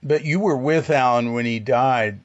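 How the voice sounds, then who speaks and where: A man hosting an interview, asking gentle, hesitant questions with many fillers. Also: mid-range voice, moderate pace, lo-fi sound. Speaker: podcast host.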